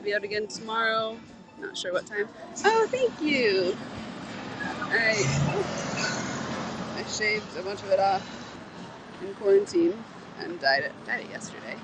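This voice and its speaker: A woman's voice: medium pitch, animated, unhurried, long pauses, very noisy. A woman chatting to viewers on a casual live stream while walking a city street at night, rambling and laughing easily, with the phone held close to her face. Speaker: livestreamer.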